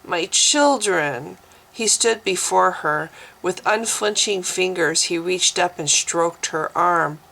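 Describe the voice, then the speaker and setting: A woman reading her own fantasy novel aloud as narrator, slowly and deliberately. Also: lowish voice, steady tone, creaky, pushed and bright, poor audio.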